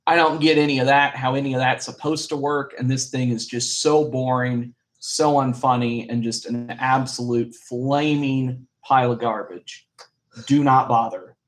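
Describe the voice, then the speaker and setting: A man co-hosting a casual movie review podcast. He talks in a blunt, emphatic way and lands his verdicts hard. His voice sits in an ordinary middle pitch for a man. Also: steady tone, moderate pace. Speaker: podcast co-host.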